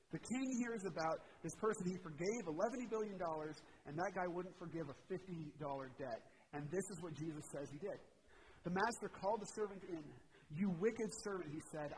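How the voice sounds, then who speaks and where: A man's voice: fairly high pitch, a little hiss or hum, rough recording. A man preaching a sermon in a conversational way, retelling a parable and briefly voicing its characters. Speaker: pastor.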